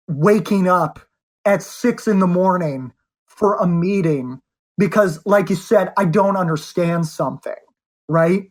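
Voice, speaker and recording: A man who coaches poker, talking as a podcast guest, intense and emphatic, firing off rhetorical questions. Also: high-pitched. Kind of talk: animated conversation.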